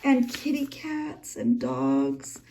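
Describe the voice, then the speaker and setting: A woman's voice: very deep voice, very animated, very slow, slight background noise. A young woman, gushing and emotional as she flips through a handmade journal at home. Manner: gushing, emotional, soft-spoken. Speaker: journaling vlogger. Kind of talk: casual flip-through vlog. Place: home room.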